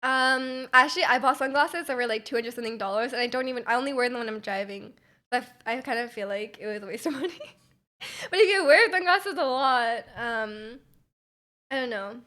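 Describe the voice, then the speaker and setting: A woman's voice: high-pitched, sharp tone. A young Canadian woman streaming live, chatting casually with her viewers, giggling and rambling with many restarts.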